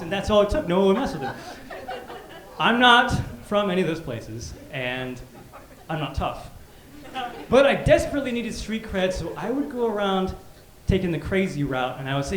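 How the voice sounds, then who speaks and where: A male comedian working a club crowd with a lively, punchy delivery. His voice sits high and leaps around a lot. The sound is roomy, with clear background noise from the club. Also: a little fast. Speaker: stand-up comedian. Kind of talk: stand-up comedy set. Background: audience laughter and club ambience.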